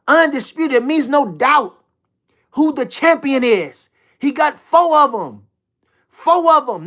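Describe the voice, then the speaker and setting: A man's voice: very high-pitched, fairly bright tone. A man hosting a casual livestream, hyped and repeating himself, swearing freely. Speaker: livestream host talking boxing.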